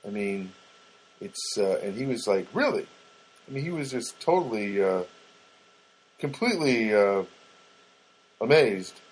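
Guy rambling thru a story on his podcast, husky voice, goes up and down a lot, lots of uh and you know. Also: on the low side, animated, unhurried, pauses often, poor audio. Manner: rambling, many fillers and restarts; chatty, addresses listeners directly. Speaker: podcast host. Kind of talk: casual storytelling monologue.

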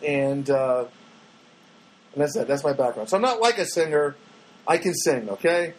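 A man's voice: on the high side, lively intonation, normal speed, poor audio. A middle-aged man hosting his own podcast, rambling and self-mocking and now and then breaking into a sung snatch. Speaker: podcast host. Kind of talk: rambling solo podcast monologue.

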